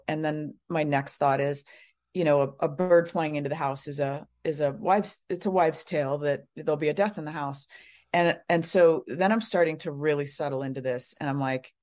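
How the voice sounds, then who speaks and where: A woman's voice: deep voice, normal speed, a little mellow. A middle-aged woman, a guest on an interview show, telling a personal story casually, with many fillers and rambling asides. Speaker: guest, psychic medium.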